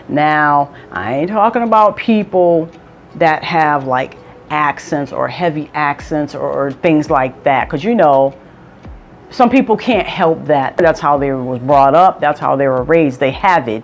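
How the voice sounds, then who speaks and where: A woman vlogger giving casual advice, talking emphatically and repeating points for stress. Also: low voice.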